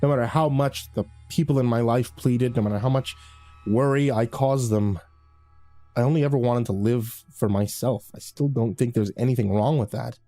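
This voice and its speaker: A man tells a first-person horror story in a measured, grim voice. His tone is dark and mellow, with faint music playing under the narration. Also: mid-range voice, dry recording.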